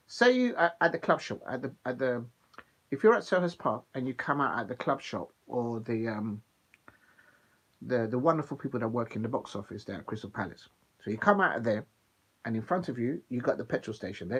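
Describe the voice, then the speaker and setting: Man, mid-pitched husky voice, casual rambling streamer. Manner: chatty, digressive, animated storytelling with filler ums. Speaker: football watch-along streamer.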